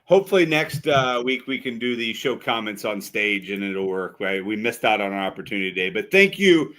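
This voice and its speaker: A man's voice: on the low side, lively intonation, brisk, a bit bright. A man co-hosting a sports podcast, talking casually about betting picks and games with a laid-back, rambling manner. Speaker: podcast co-host.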